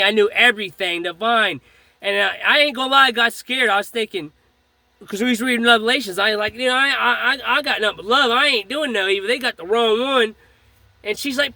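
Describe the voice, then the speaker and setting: A man's voice: extremely high pitch, pushed and bright, no echo. A man earnestly telling a rambling personal story about his faith, with frequent fillers and restarts. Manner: speech full of fillers and restarts. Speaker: storyteller recounting a personal experience. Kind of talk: casual spoken testimony.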